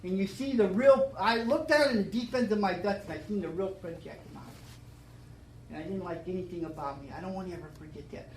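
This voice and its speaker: An older man tells his sobriety story in a fairly high voice, and his words stumble and repeat as the feeling rises. The talk rings out in an echoey room with a faint hum of ambience behind it. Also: fast talker, darkish tone. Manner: emotional, repetitive storytelling with many restarts. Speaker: AA speaker. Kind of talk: recovery talk to a meeting.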